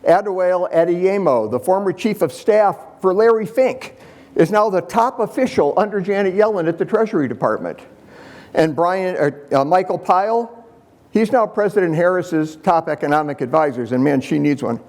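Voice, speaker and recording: A man's voice: high-pitched, expressive, normal speed, a little mellow. A man giving a conference presentation with slides, talking to the audience with sarcastic, punchy asides. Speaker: conference speaker.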